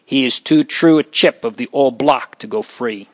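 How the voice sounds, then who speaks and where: A man's voice: mid-range voice, measured pace, a bit bright, lightly acted. A man voicing a brutal soldier captain with a coarse, mocking tone.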